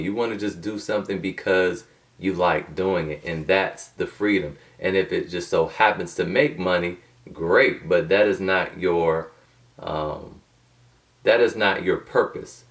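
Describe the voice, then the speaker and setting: A man's voice: low voice, moderate pace, gravelly, distant mic. A man talking casually to camera as a motivational host, rambling and digressive with loose slang and many restarts.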